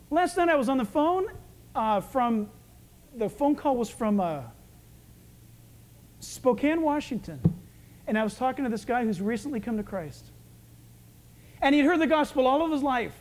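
A male pastor preaching a sermon, lively and conversational, acting out the voices of the people in his stories. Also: very high-pitched. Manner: animated preaching, acts out quoted voices.

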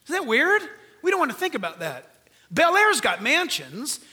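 An older man preaching a sermon in a high, nasal voice, earnest and emphatic, with rhetorical questions and touches of humor. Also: wildly swooping pitch, moderate pace, sharp tone. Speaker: pastor.

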